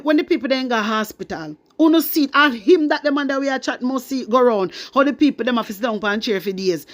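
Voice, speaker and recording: High-voiced Jamaican woman ranting. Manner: indignant, passionate, fast patois rant. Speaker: vlogger. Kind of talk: ranting commentary vlog.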